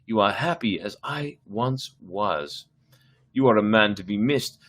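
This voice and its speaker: Man doing a scheming nobleman, flattering, measured, lowish voice, dramatic story reading. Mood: solicitous. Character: smooth, scheming male nobleman plotting revenge.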